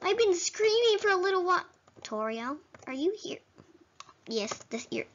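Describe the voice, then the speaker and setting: A woman doing let's-play commentary on a video game, excitable, dramatic and easily flustered. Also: extremely high pitch, moderate pace. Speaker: gaming video creator. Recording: dull lo-fi recording.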